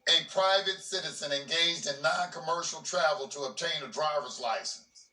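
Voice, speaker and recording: A man reads a legal memorandum aloud and stops now and then to explain it in plain talk, restarting and repeating his words. His voice is very bright and edged. It echoes through the room from a distance. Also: on the high side, moderate pace. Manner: breaks off reading for plainspoken asides, repeats words when he restarts. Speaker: host of a legal commentary channel. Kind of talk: reading a legal document aloud with casual commentary. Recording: roomy echo, voice from away from the mic.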